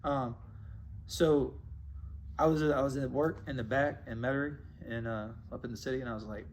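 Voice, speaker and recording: A man tells his story in a relaxed, conversational interview. He is animated and acts out the other people's voices as he goes, with a faint hiss of background noise under his voice. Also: medium pitch, normal speed. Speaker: MMA coach and fighter.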